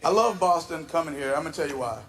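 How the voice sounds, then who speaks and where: A man performing a stand-up routine, animated and acting out voices as he tells a story. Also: fairly high pitch, fast. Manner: animated storyteller, acts out voices, laughs through lines. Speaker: stand-up comedian. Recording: live venue with loud audience laughter. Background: audience laughing and clapping.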